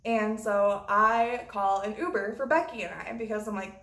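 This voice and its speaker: A woman's voice: medium pitch, moderate pace, hardly any pauses, fairly bright tone. A woman vlogger telling a story in a blunt, profane way. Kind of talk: storytime vlog. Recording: roomy echo.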